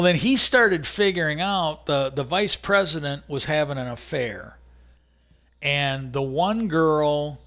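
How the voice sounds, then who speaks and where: A man casually retelling a story as a livestream host, rambling and halting, with many "he goes" and filler words. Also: on the high side, fairly bright tone.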